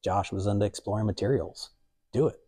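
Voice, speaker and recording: In a museum gallery, a young adult male artist talks casually in a lowish, mellow, husky voice at a slightly quick pace. He rambles conversationally, dropping in many fillers and quoted asides.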